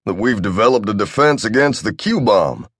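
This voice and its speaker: A man's voice: lowish voice, animated, moderate pace, a bit bright, breathy edge, no echo, studio quality. A man voicing a blunt military general who talks in short, clipped bursts. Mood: urgent, gruff.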